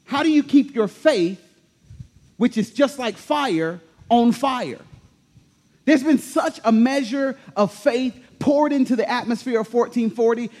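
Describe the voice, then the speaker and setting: A man preaching a sermon to a congregation, telling the story animatedly and repeating key words with slow emphasis. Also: very high voice, a little mellow. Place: church in front of a congregation.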